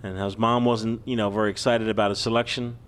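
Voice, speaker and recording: A man's voice: quick pace, clear, resonant tone. A man co-hosting a casual podcast, joking around and reading listener letters aloud. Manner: lively, joking, reads letters aloud with animated pitch swings.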